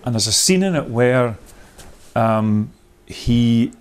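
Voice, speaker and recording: A man's voice: medium pitch, expressive, takes it slowly, darkish tone, clear, resonant tone. A man leading a workshop, thinking aloud in a rambling, discursive way, with many restarts, and laughing at his own points. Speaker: workshop leader.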